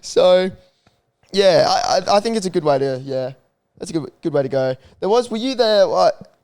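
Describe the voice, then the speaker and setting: A man's voice: high voice, expressive, normal speed, gravelly, darkish tone, no room sound. A young man co-hosting a podcast in casual banter, laughing and swearing often. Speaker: podcast co-host. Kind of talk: casual chat.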